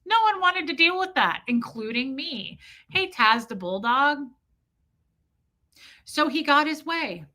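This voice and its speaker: A woman's voice: high voice, big pitch swings, slow pace, pauses often, sharp tone. A woman hosting a live stream, talking candidly and emotionally, swearing freely and greeting viewers from the chat. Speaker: livestream host. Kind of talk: casual live-stream talk, reading chat.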